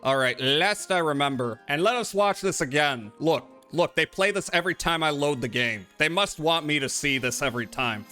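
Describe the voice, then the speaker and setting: A man's voice: on the high side, normal speed, hardly any pauses, pushed and bright, faint music behind. A man live-streaming a game, chatting casually with his viewers in a rambling, profane way. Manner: rambling and profane, talks to chat.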